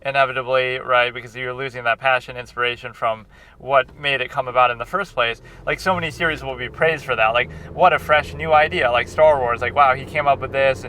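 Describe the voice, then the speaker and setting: A man's voice: medium pitch, noisy background. A man and film critic chatting in a rambling, casual vlog, often restarting his sentences, recorded on a handheld recorder outdoors. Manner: meandering, many restarts and fillers.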